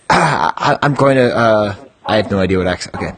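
A man's voice: lowish voice, lively intonation, moderate pace, a bit bright. A man hosting a podcast, chatting and reading descriptions aloud with amused mock gravity. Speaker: podcast host.

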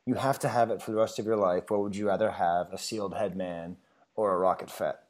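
A man hosting a casual podcast chat, eager and quick to stammer into restarts. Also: sits low, fairly even intonation. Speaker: podcast host.

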